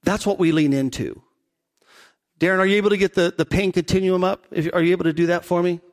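A middle-aged man, a pastor, preaching a conversational sermon and slowing down on key points. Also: sits high, steady tone. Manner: conversational preaching, slows for emphasis.

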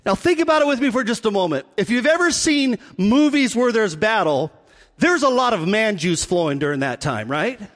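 A man preaching a sermon, telling the story in an animated way and acting out the people in it. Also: high-pitched, normal speed. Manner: animated storytelling, acts out voices. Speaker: pastor. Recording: long hall reverb.

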